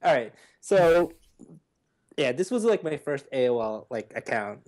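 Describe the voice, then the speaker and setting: A man from New Jersey co-hosting a game stream, telling a relaxed story. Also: mid-range voice, unhurried. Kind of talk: casual game-night chat.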